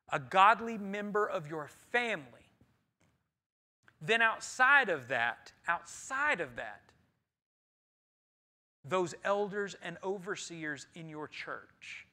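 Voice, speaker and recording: A man preaching a sermon as pastor, rising to loud emphatic passages and dropping to quiet, earnest talk. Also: high voice, expressive, slow. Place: church sanctuary.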